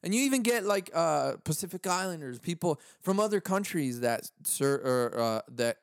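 A man's voice: high-pitched, lively intonation, normal speed, vocal fry, no echo, clean studio sound. A young man with a Californian accent, talking in a solo comedic rant, swearing freely and laughing often. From Southern California. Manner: profane, laughs often, acts out quoted voices. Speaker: podcast host.

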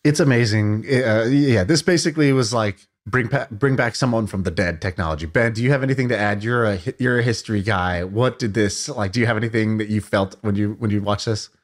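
A man's voice: lowish voice, brisk, few pauses. A man co-hosting a podcast in casual chat, musing aloud and repeating words while he thinks. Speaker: podcast co-host.

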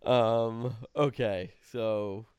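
A man co-hosting a podcast, talking through a TV show in an opinionated, animated way and swearing freely. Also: lowish voice, drawn-out words, smooth, no echo. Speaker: podcast co-host. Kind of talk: casual chat discussing a TV show.

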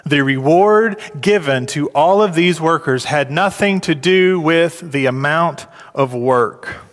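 Man preaching in a reverberant hall. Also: slow pace. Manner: rises high and loud when voicing complainers. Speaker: pastor. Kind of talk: sermon.

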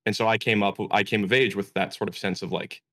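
Low-voiced young man, emphatic chat. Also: fairly even intonation, fast, pushed and bright. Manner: emphatic, hesitant with many fillers and restarts, swears. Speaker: podcast co-host. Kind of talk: casual chat.

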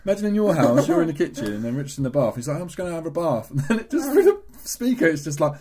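Laddish young man, husky voice. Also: on the high side, sing-song, fast, warm tone. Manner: laddish, laughs a lot, crude humor. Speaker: podcast co-host. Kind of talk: casual chat.

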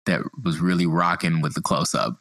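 A man co-hosting a casual film podcast, chatty and animated, often laughing. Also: sits low, normal speed, creaky, no echo, clean studio sound. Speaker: podcast co-host.

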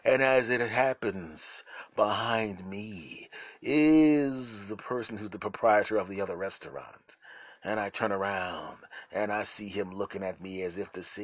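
A man's voice: medium pitch, moderate pace, no room sound. A man hosting a solo podcast, telling funny stories in a rambling, self-mocking way. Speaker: podcast host and comedian. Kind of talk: comedic solo storytelling.

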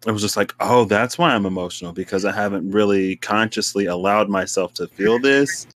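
Bright, animated young man chatting. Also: fairly quick. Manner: animated, laughs often, jumps into high-pitched quoted voices. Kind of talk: casual chat.

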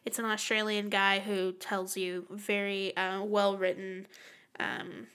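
A young woman co-hosting a podcast in casual chat, animated and swearing freely, often trailing off and restarting. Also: mid-range voice, takes it slowly, smooth. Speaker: podcast co-host.

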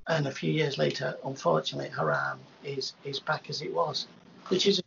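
A man, a hypnotherapist, telling rambling, animated anecdotes in a casual interview, with many restarts. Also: on the high side, fairly quick, gravelly, a little hiss or hum. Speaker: hypnotherapist guest. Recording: dull lo-fi sound.

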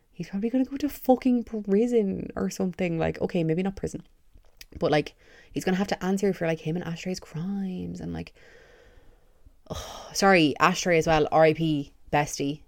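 A young woman hosting a podcast, gushing excitedly and swearing a lot in a casual fan review. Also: on the low side, creaky, no room sound, studio quality. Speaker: podcast host.

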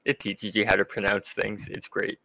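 A man's voice: fairly low pitch, monotone, normal speed, vocal fry, bright, forceful tone. A man narrating as game master of a tabletop game, joking and self-deprecating.

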